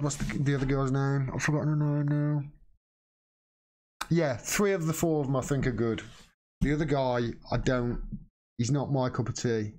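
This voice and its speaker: A man hosting a live stream, answering viewer questions in blunt, impassioned casual talk and swearing freely. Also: medium pitch.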